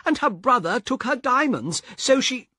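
An actor voicing a frightened traveller in a storybook reading, speaking in a raised, shaken, stammering voice. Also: male voice, extremely high pitch, sing-song, normal speed, sharp tone, no room sound, studio quality, pitched above the performer's own voice, heavily acted. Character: nervous, frightened middle-aged male traveller.

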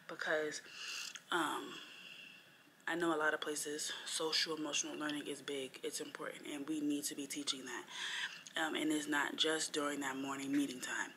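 A young woman chats on camera about her week as a first-year teacher. Her voice sits low yet has a bright, forceful edge. She thinks aloud as she goes, drifting between points with frequent fillers. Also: little pitch movement, moderate pace, slight background noise. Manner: reflective, rambling with frequent fillers. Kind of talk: casual vlog chat.

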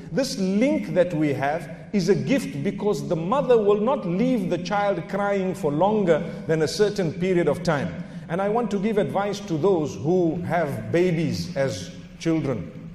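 A man's voice: high-pitched, warm tone. A middle-aged man preaching a religious lecture, emphatic, asking his listeners rhetorical questions and dropping in Arabic phrases. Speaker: Islamic preacher. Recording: echoey hall reverb.

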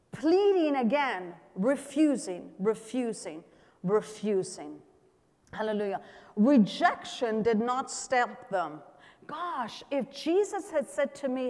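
Woman pastor preaching slow, kinda high voice, big fervent shouts, long hall echo. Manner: fervent preaching with shouted exclamations and acted-out pleas. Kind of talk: sermon.

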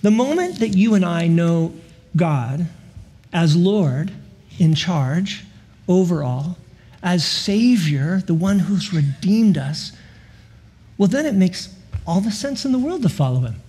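A man preaching a sermon as guest pastor, animated and storytelling with laughs and playful sound effects. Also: high voice, slow pace, pauses often, breathy edge. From California. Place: church sanctuary.

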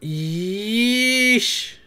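A man giving casual anime reaction commentary, excitable and swearing as he blurts out his reactions. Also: high-pitched, drawn-out words, clean tone. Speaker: anime reaction video creator.

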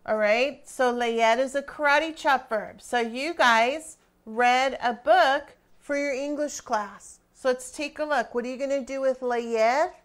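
A woman teaching a grammar lesson, quizzing her students with questions and pauses and praising right answers. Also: sits high. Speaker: Spanish teacher.

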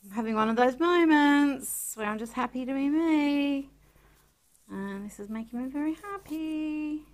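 A woman artist chatting casually to camera as she draws and shows her art supplies, excitable and talking to herself, sometimes dropping to a soft whisper. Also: sits high, a little slow. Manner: chatty, excitable, talks to herself while drawing. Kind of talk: casual art tutorial chat.

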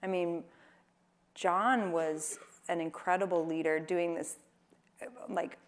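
A woman's voice: lowish voice, fairly even intonation, slow. A woman answering audience questions onstage at a live event, playful and joking between thoughtful answers. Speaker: interview guest, singer-songwriter. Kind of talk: onstage interview Q&A.

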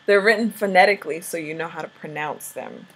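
A woman co-hosting a home vlog, casually teaching words, often laughing and slowly repeating words to coach. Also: fairly low pitch, fairly bright tone, slightly rough.

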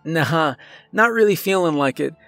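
A man's voice: on the high side, moderate pace, no echo, soft background music, voice pushed up. A man doing a laid-back young college guy. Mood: casual. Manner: relaxed slangy talk.

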